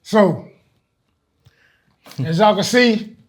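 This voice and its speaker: A man's voice: sits high, drawn-out words. A man, an easygoing interviewer who talks with some hesitation. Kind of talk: casual interview chat.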